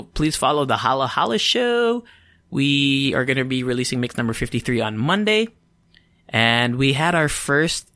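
A man's voice: medium pitch, a bit bright, no room sound. A man hosting a casual solo podcast, a little sleepy, rambling, swearing freely and often cutting himself off mid-sentence. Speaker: podcast host.

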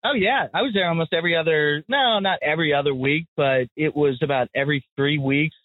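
Casting: American man, casual podcast talk, blunt animated storyteller, dry thin phone-like sound. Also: on the high side, brisk, no echo. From United States. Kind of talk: casual chat. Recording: tinny phone-like audio, dry.

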